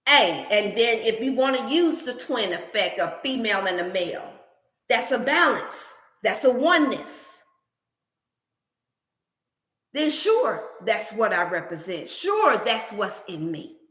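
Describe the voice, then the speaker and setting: A woman with a bright, fairly high voice, preaching motivation and healthy eating like a sermon. Her talk is animated and laced with scripture. The room around her is echoey. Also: measured pace. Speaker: wellness channel host.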